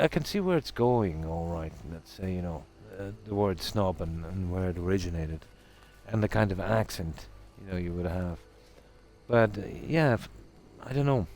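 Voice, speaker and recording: Low-voiced Irish Midlands man, rambling. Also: slight background noise. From Ireland. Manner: relaxed, rambling, self-deprecating. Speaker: game streamer. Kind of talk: casual chat with stream viewers.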